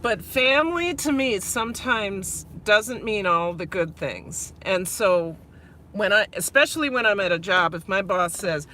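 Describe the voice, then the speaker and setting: Woman, Minnesota accent, bright tone; rambling live-stream chat from her car. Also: medium pitch, expressive, measured pace, slight background noise. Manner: chatty, rambling, talks to viewers directly. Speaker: vlogger. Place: inside a car.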